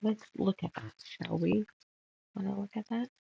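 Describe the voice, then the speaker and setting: A woman's voice: medium pitch, normal speed, vocal fry, highs cut off, slight background noise. A woman hosting a casual sew-along, muttering measurements and chatting while she sorts fabric pieces. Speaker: quilting channel host.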